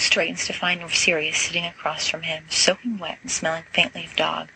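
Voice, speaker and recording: A woman narrating a story aloud in a steady, even manner. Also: deep voice, moderate pace, vocal fry, slight background noise, low-quality recording. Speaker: podfic reader.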